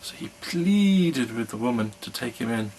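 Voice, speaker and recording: A man reading a fairy tale aloud in a slow, measured storytelling manner. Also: medium pitch, animated, a little mellow, a little hiss or hum, poor audio.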